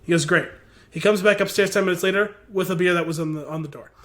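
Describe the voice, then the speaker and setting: A man co-hosting a podcast, telling a rambling, animated story with laughter over a remote call. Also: high voice, racing. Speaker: podcast co-host. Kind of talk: casual chat. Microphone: video call.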